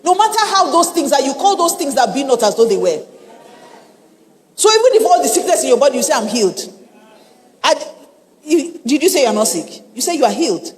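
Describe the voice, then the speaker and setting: Animated Nigerian woman preaching in a hall. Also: sits high, brisk. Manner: animated, humorous, repeats lines for emphasis. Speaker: pastor. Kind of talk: sermon.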